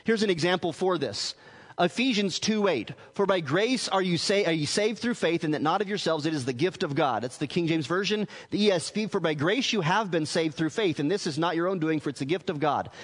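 A man with a higher-pitched voice delivers a teaching sermon as a pastor. He explains earnestly, often breaking off and restarting words. His voice carries a long reverb, as if recorded in a church hall. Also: brisk.

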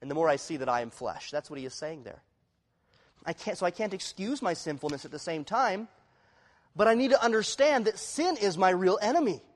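High-voiced man preaching in a reverberant hall. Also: lively intonation, a little fast. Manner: swings from quiet confessional to loud emphatic, acts out inner voices. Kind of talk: expository sermon.

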